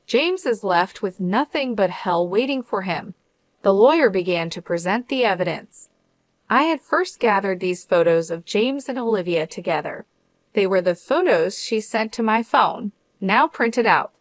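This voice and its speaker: A woman narrates a scripted first-person story in a measured, steady voice. Her pitch sits in a middle range, and the sound is dry and close, with no room around it. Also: no room sound.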